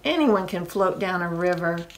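A woman's voice: lowish voice, expressive, normal speed, a little hiss or hum, close to an everyday voice. A woman voicing Toot, a moping young pig. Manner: listless, downcast.

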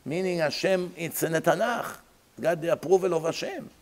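A man's voice: a little high, sing-song, moderate pace, creaky, low-quality recording. A man, a rabbi giving a Torah lecture, emphatic and full of rhetorical questions, acting out imagined dialogues.

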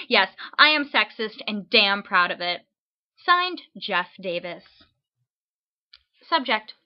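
A woman's voice: on the high side, muffled recording. A woman reading hostile letters aloud in a dry, mock-serious recitation.

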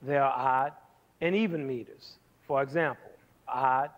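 A man's voice: medium pitch, normal speed, highs cut off. A middle-aged man presenting a music lesson for young people, asking questions and answering them himself, with counting and sound demonstrations. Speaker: music educator hosting a TV series.

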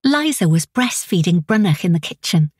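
A woman reading a first-person novel as an audiobook narrator, in an intimate, anxious and measured way. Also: on the low side, sing-song, darkish tone, slightly rough, dry recording, studio quality.

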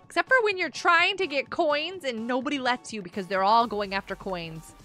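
High, lively, bright-voiced woman streamer. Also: moderate pace, faint music behind. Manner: chatty, reads chat aloud, excitable outbursts. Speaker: live-streaming gamer. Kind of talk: casual live-stream chat while playing.

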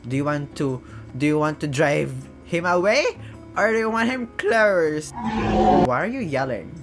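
A woman's voice: low voice, animated, a little slow, soft background music. A young Filipino woman with a Filipino accent, reacting to a drama and mixing Tagalog with English. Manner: mixes Tagalog and English, laughs and squeals often. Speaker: reaction vlogger.

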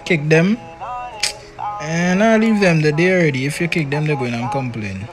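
A man live-streaming a game, chatting in an animated, teasing way and often tacking on "boy". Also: fairly high pitch, normal speed. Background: music.

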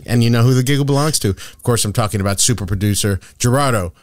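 A man hosting a casual comedy podcast, telling stories in a profane, excitable way with loud bursts. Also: mid-range voice, fast talker, no room sound, studio quality. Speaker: podcast host.

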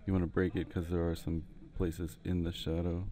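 A man giving a relaxed, rambling painting tutorial with jokey asides, talking into a headset mic. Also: deep voice, normal speed, a little hiss or hum. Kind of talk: casual tutorial commentary while painting. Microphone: headset mic, breathing into it.

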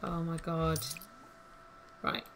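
A woman's voice: sits low, monotone, drawn-out words, vocal fry, noisy background. A woman casually commentating her life-simulation gameplay, chatty and giggly as she thinks aloud. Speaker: gaming YouTuber. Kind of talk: casual let's-play commentary. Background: faint game music.

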